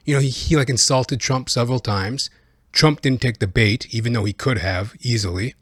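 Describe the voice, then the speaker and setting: A man's voice: mid-range voice, expressive, moderate pace, fairly bright tone, dry recording, studio quality. A man hosting a podcast, giving comedic political commentary in a rambling way full of fillers. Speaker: podcast host.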